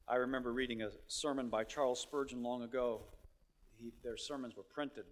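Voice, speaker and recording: A man preaching a sermon, moving between hushed storytelling and loud, emphatic exhortation. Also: medium pitch, fairly even intonation, fairly quick.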